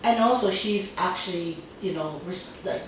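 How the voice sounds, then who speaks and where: A woman's voice: lowish voice, moderate pace. A woman hosting an interview show, affirming her guests and closing the episode. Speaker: host. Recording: echoey room, distant mic, noisy.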